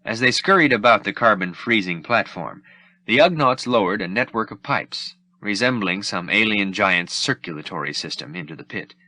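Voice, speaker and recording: A man reading an audiobook aloud in a steady, measured way as narrator. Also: fairly low pitch. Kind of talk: scripted narration.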